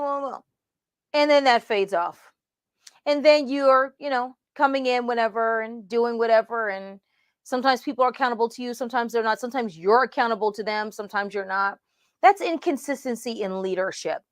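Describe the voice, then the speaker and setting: A woman's voice: fairly high pitch, no room sound, studio quality. Emphatic woman teaching leadership. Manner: emphatic, acts out quoted voices. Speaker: leadership mentor teaching a class. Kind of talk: teaching talk from slides.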